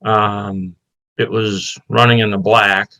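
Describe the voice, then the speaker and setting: Low-voiced, matter-of-fact middle-aged man. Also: level tone, slow pace, bright, forceful tone, poor audio. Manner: plain, matter-of-fact, filler-heavy. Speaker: interim fire chief candidate. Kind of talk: job interview at a public meeting.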